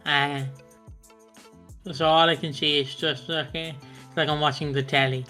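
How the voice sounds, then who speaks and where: A man's voice: on the high side, little pitch movement, moderate pace, sharp tone, soft background music. A man co-hosting a casual chat over a video call, swearing often and acting out characters in short bursts. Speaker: podcast co-host.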